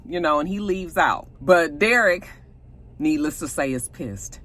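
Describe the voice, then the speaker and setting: Animated, foul-mouthed woman recapping a show. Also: deep voice, unhurried. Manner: animated, profane, talks back to the characters. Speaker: vlogger reviewing a TV episode. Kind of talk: casual recap commentary.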